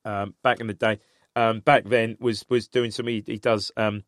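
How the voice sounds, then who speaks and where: A man's voice: on the low side, little pitch movement, moderate pace, no echo, clean studio sound. A man from England, co-hosting a casual football chat, who tells rambling stories and laughs often. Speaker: podcast co-host.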